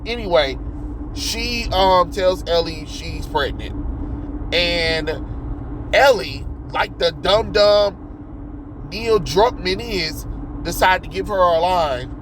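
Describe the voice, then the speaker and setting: A man ranting in a video commentary, loud and exasperated, swearing constantly and jumping into yelps. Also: sits high, animated, slow, noisy background.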